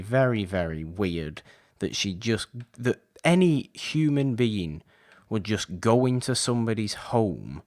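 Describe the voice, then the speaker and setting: A man co-hosting a podcast, chatting casually about an old film in an animated, exasperated, rambling way. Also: on the low side. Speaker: podcast co-host.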